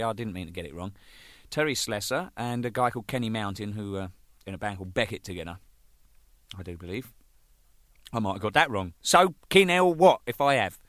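A man's voice: fairly low pitch, a bit bright, dry recording. A man telling casual stories about his time as a band's drummer, swearing freely and acting out the people in them. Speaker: drummer telling band anecdotes. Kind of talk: casual anecdotal storytelling.

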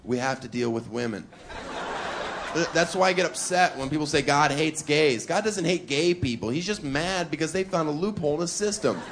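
A man's voice: on the high side, normal speed. A man doing a stand-up comedy set on stage, with a brash, mocking delivery. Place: stage before a live audience. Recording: live club recording with crowd noise. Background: audience laughter.

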